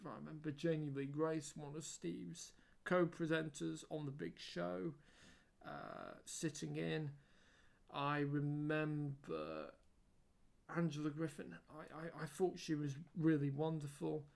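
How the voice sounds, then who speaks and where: A man talks through a casual spoken tribute in a slightly raised, gravelly voice. He pauses often, fills gaps with ums and restarts his sentences. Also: on the high side. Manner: hesitant, frequent ums and restarts. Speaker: video creator.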